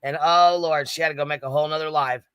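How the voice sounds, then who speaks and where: A man's voice: fairly high pitch, steady tone, quick pace, a bit bright, clear, resonant tone, no echo. A man hosting a livestream, gossiping with laughter and heavy swearing in casual commentary. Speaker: livestream panel host.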